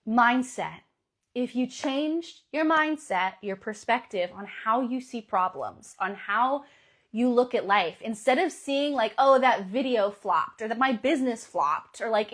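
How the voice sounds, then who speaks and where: A woman astrologer and coach giving a motivational pep talk, animated and emphatic, with sudden bursts of excitement. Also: on the high side, unhurried.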